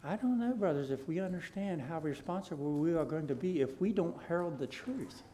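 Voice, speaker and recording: A man preaching a sermon, reading scripture aloud and swinging between soft, low asides and loud, emphatic repeated declarations. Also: lively intonation, a little fast. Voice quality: King James scripture read aloud in a rising, forceful cadence.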